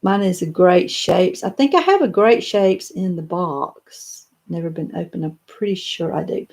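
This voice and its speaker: A woman's voice: lowish voice, normal speed, darkish tone. An older woman, chatting casually on a live stream and answering viewer comments, rambling a little with lots of fillers and restarts. She is in a home office lined with doll showcases.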